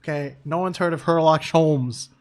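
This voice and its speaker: Excitable sweary streamer man. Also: fairly high pitch, moderate pace. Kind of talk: casual gameplay commentary. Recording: game music behind.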